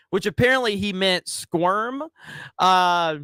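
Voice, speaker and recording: Male commentary host, high bright voice, dry close sound, sarcastic. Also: animated, unhurried, dry recording. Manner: sarcastic, mock-earnest. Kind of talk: casual commentary.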